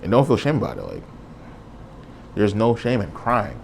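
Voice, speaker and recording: A man's voice: lowish voice, wildly swooping pitch, normal speed, vocal fry, a little mellow, a little hiss or hum. A man hosting a podcast, talking on his own in an earnest, casual and reflective way. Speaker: podcast host. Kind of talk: solo podcast monologue.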